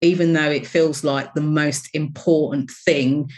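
Candid, low-voiced woman telling stories. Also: unhurried. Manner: candid, expressive storyteller. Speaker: interview guest, business coach. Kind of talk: reflective personal storytelling.

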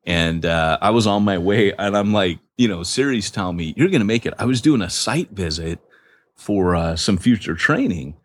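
A man's voice: low-pitched, animated, normal speed. A man co-hosting a podcast, telling rambling jokey stories in casual banter. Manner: joking, rambling storyteller. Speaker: podcast co-host.

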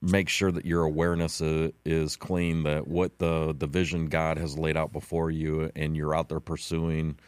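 A male podcast host with a very low voice, asking his questions in a halting way and dropping in short affirmations. The sound is dry and close, with no room echo. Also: flat delivery, a little mellow, clear, resonant tone. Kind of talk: interviewer, casual questions.

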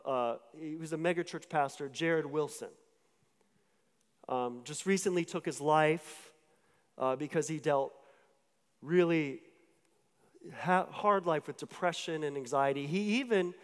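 A man's voice: on the high side, unhurried. A man preaching a sermon, telling a personal story in a loose, conversational way, often restarting his words and talking straight to the listeners. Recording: long hall reverb.

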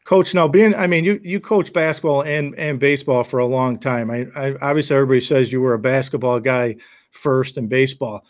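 A man's voice: mid-range voice, steady tone, a little fast. A man interviewing his former coach, affirming the stories and asking open questions. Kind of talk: casual interview.

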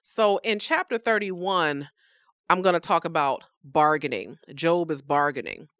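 A woman's voice: sits low, lively intonation, a little slow, fairly bright tone, dry recording. A woman teaching the Bible on a podcast, emphatic and speaking to her listeners as believers.

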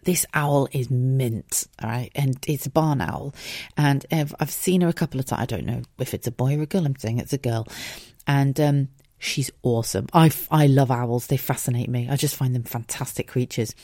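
A rambling, chatty woman, talking on her own podcast in a low voice. She swears casually and laughs as she goes. The sound is close and dry, with no room around it. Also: normal speed, warm tone, no echo. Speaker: podcast host. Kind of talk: casual solo podcast chat. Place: home.

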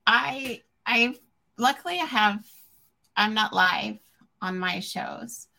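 A woman's voice: medium pitch, slow pace, gravelly, pushed and bright. A woman in her forties who hosts her own show, chatting openly and emotionally with frequent ums. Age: 40s. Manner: candid and emotional, with frequent ums and self-restarts. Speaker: podcast host. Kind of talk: casual chat.

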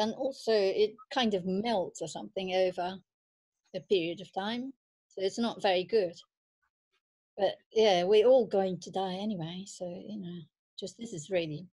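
A woman's voice: on the low side, a little slow, a little mellow, breathy edge, no room sound. A woman chatting on a podcast, asking lots of questions in a teasing, slightly hesitant way. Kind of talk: casual chat.

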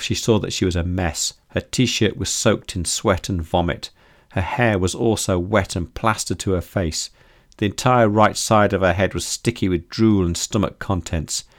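Male narrator for audiobook fiction, slightly low voice, steady and measured. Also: no echo, clean studio sound. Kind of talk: scripted narration.

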